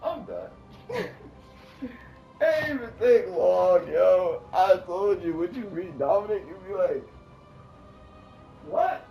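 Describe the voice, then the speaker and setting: High-pitched guy rambling and cursing while he games, laughs a lot, kinda far from the mic, music going behind him. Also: measured pace, gravelly, muffled recording. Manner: animated, excitable storytelling, swears freely; laughs often. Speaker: gaming streamer. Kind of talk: casual rambling chat while gaming. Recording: echoey room, off-mic, with music playing.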